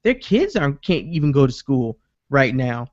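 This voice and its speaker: A man's voice: mid-range voice, normal speed, dry recording, dull audio. A man on a casual podcast, telling a story with energy, swearing freely and acting out what people said. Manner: animated storytelling, acts out quotes, swears freely. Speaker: podcast host. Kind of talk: casual chat.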